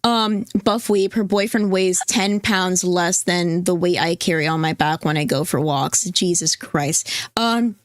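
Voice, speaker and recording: A woman's voice: lowish voice, measured pace. A woman co-hosting a casual livestream, rambling, reading chat aloud and swearing casually. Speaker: stream co-host.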